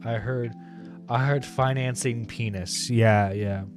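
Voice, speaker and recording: A man's voice: mid-range voice, fairly even intonation, slow, music in the background. Give me a profane, rambling male streamer. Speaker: internet radio host. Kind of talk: casual live-stream commentary.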